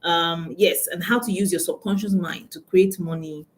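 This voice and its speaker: A woman's voice: fairly low pitch, steady tone, normal speed, poor audio. A woman with a Nigerian accent, a coach hosting a casual live stream from her phone, greeting viewers by name and laughing often.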